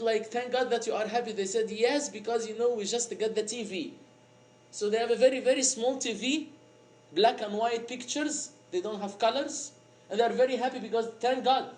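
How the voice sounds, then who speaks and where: A man's voice: very high-pitched, moderate pace, darkish tone. A man from Egypt giving an informal storytelling sermon, with many fillers and frequent laughs. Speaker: priest giving a talk. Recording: echoey room with faint noise.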